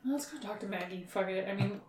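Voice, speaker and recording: A woman's voice: mid-range voice, a little fast, echoey room, distant mic, noisy background. A woman playing a tabletop game, talking in an easygoing way and laughing often. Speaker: player. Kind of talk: casual tabletop play.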